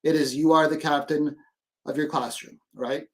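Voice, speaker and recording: A man speaking as an educator guest in a casual video-call interview, animated and ending many sentences with "right?". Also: fairly high pitch, moderate pace.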